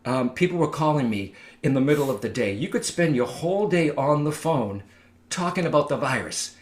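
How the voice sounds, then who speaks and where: A man's voice: a little high, animated, normal speed, echoey room. A man, a psychic medium, talking casually to viewers and often checking in with "all right?". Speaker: psychic medium giving advice. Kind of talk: casual direct-to-camera talk.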